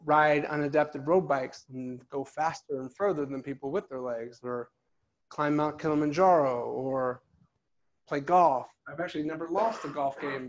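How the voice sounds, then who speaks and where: A middle-aged man telling a funny, animated personal story to an audience at an office event. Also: a little high. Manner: animated, jokey, acts out quotes. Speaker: motivational speaker.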